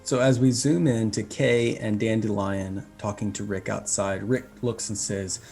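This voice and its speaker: A man's voice: fairly low pitch, steady tone, measured pace, vocal fry, a little mellow. A man running a tabletop game as game master, narrating scenes in a casual, descriptive way, with faint music behind.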